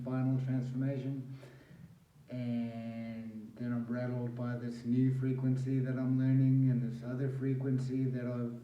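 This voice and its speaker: A man's voice: mid-range voice, mellow, far from the mic. A man talking bluntly and candidly in a vlog, swearing heavily and rambling as he vents his frustration. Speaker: vlogger sharing brain injury recovery. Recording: roomy echo, voice a bit off-mic.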